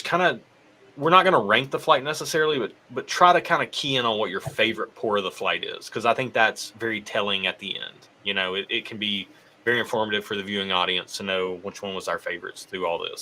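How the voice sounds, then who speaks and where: A man's voice: mid-range voice, sharp tone, slight background noise, low-quality recording. A man with a Southern US accent hosting a casual live stream and reading out viewer comments. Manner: upbeat, reads out viewer comments. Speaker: host.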